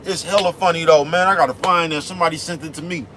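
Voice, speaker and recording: A man's voice: a little high, fairly even intonation, fast, fairly bright tone. Slangy man rambling from a truck cab. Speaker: vlogger driving a truck. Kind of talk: casual rambling monologue. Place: cab of a big truck on the road. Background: faint traffic noise.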